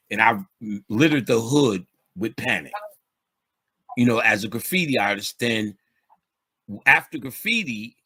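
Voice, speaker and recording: A man's voice: mid-range voice, bright, forceful tone, slightly rough. A man, telling street stories in a loose, streetwise way with plenty of swearing. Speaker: podcast guest speaker. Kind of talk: casual storytelling chat.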